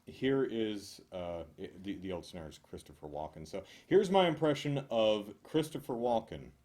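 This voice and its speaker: A man reading a list of corny jokes aloud in a deadpan way, chuckling now and then and making dry asides. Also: fairly low pitch, normal speed. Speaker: joke reader.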